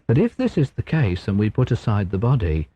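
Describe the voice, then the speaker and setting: An English man, a clairvoyant guest, explaining his ideas in a measured way on a radio phone-in. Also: on the low side, big pitch swings, dark tone, slightly rough. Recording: dull lo-fi radio broadcast.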